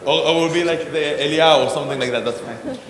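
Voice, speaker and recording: A man with a fairly high, fairly bright voice talks fast as he hosts a conference and brings a panel on stage, stumbling through fillers and restarts. Slight background noise and a long, echoing reverb fill the large conference hall.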